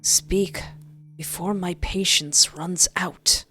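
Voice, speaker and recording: Lady doing a creepy soft-spoken kidnapper guy, slow and hushed, lowish voice. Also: fairly even intonation, soft background music. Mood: coldly patient. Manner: slow, gentle, hushed, barely controlled anger. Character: soft-spoken possessive young male kidnapper.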